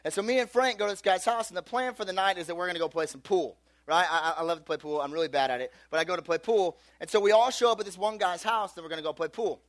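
A man with a high voice tells a personal story as a sermon, animated and chatty. He leans on casual fillers and acts out the people in the story as he goes. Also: fast talker, hardly any pauses, no echo, studio quality. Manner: animated, filler-heavy storytelling with acted-out quotes.

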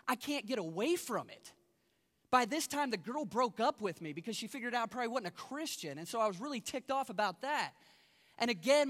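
A man with a high voice tells his story of faith from the pulpit. He moves between loud, excited telling and quiet, low passages. A long reverb trails behind his voice. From Kentucky. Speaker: pastor giving his testimony. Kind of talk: testimony sermon.

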